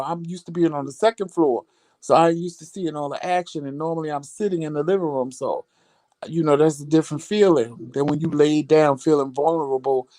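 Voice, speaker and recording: A man chats through a casual home vlog with a sassy, animated storytelling manner. His voice sits mellow and dark. The sound is dry and close. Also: dry recording. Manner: animated, sassy, jumps to high voice for quotes. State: recovering at home after hospital stay. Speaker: vlog host.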